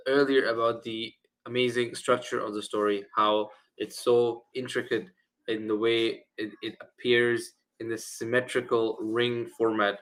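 A man giving a religious lecture, halting with fillers and throat clearing, speaking through a sore throat. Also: medium pitch, bright, forceful tone. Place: mosque lecture room.

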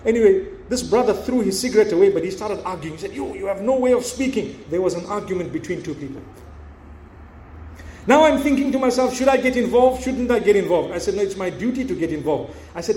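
A man preaching a sermon, telling a story and acting out the dialogue in an animated way. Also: very high voice, a little fast, reverberant.

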